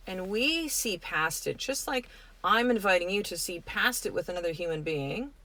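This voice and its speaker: A middle-aged woman hosting a podcast, giving a gentle, earnest, reflective spiritual self-help talk. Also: lowish voice. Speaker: podcast host.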